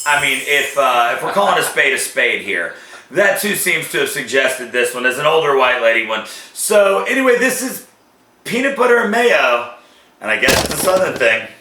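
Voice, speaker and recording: A man hosting a casual food-tasting show, joking and reacting in a drawn-out, animated way. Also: medium pitch, slight background noise. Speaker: show host. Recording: echoey room.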